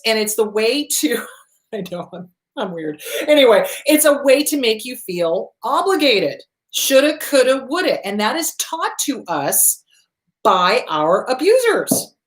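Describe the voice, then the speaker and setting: Her fairly high voice swings a lot in pitch and moves a little slowly as this therapist hosts an advice talk straight to camera. She speaks bluntly, swears freely, and hammers her points with emphatic repetition.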